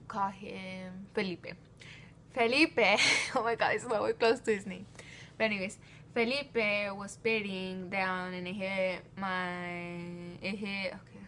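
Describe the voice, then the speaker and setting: A woman's voice: medium pitch, a bit bright, slight background noise. Teenage girl vlogger, casual and rambling storyteller, giggles a lot, mid-range voice. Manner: rambling, stumbles and restarts often; giggly, laughs mid-sentence.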